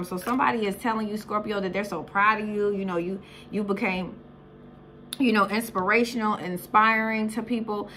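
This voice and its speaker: A woman's voice: medium pitch, fairly even intonation, moderate pace, pushed and bright, a little hiss or hum. Blunt, profane woman reading tarot cards. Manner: blunt, profane, repeats "okay?" and "Scorpio". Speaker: tarot reader.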